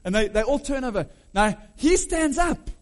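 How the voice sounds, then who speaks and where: A man preaching a sermon, animated, humming tunes and questioning his listeners. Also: extremely high pitch, normal speed. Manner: animated, hums and sings melodies aloud; asks the audience questions.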